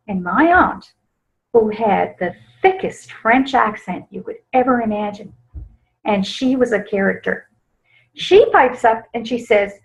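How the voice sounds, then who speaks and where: A woman presenting a webinar on grief in a gentle, soft-spoken way with small laughs. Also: a little high. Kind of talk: teaching webinar talk. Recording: slightly dull lo-fi webinar audio.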